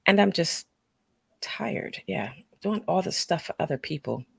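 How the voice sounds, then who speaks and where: A woman's voice: on the low side, lively intonation, moderate pace, gravelly, husky, dry recording, studio quality. A woman co-hosting a casual morning show, chatty and easygoing but tired. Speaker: co-host.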